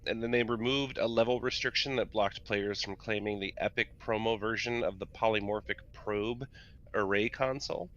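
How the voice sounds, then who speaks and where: A man's voice: fairly low pitch, fairly even intonation, normal speed, a bit bright. A man on a live gaming show, chatting casually and reading patch notes in a plain, matter-of-fact way. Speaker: news presenter on a gaming show. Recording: dull lo-fi mic.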